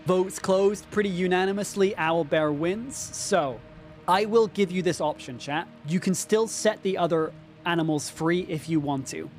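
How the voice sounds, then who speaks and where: A man narrating a tabletop game as game master on a live stream, talking straight to the chat in a lively way. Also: sits high, moderate pace, soft background music. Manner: lively, addresses chat directly, frequent fillers.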